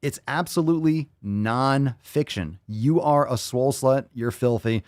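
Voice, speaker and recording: A man's voice: medium pitch, a little slow, a little mellow, dry recording, studio quality. A man hosting a podcast, ranting casually with heavy swearing and repeating phrases for emphasis. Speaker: podcast host.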